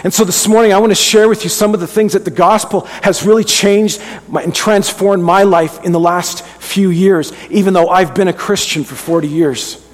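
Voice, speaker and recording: A middle-aged man gives an earnest, conversational sermon in a slightly higher voice, often catching himself and restarting mid-sentence. His tone is breathy and husky, and a long reverb from the hall trails after each phrase. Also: steady tone, moderate pace, hardly any pauses. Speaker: pastor.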